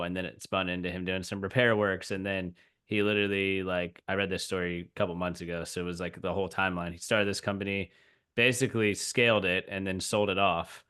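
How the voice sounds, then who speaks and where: A man's voice: low-pitched, little pitch movement, fairly quick, bright, forceful tone, smooth. A man hosting a podcast interview, talking casually and agreeably with many fillers. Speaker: podcast host.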